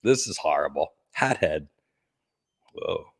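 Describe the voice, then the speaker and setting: A man's voice: extremely low pitch, sing-song, takes it slowly, slightly rough. A middle-aged man hosting a casual livestream from home beside a Christmas tree, rambling and joking, greeting viewers by name and coughing now and then. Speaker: livestream host.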